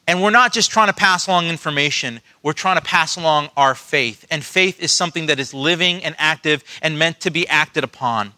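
A man preaching a sermon to his church, telling personal stories in an earnest, animated way and often restarting his sentences. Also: on the high side, brisk, hardly any pauses. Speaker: pastor.

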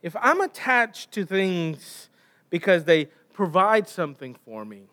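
High-voiced male preacher telling a story. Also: big pitch swings, measured pace, bright, forceful tone. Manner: storytelling retelling with rhetorical questions. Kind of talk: sermon.

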